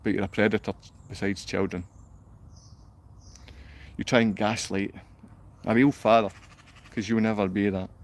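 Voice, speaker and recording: A man's voice: lowish voice, little pitch movement, normal speed, long pauses. A man livestreaming, reading comments from his chat aloud and answering them with a confrontational, insulting rant. He sounds downcast.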